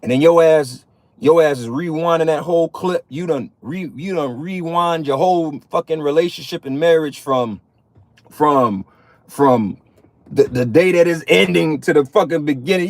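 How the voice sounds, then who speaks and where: A man in his thirties with a voice on the high side talks at normal speed, no echo. He's a religious vlogger delivering a blunt, profane street-preaching monologue to other men, often adding "man" to his sentences.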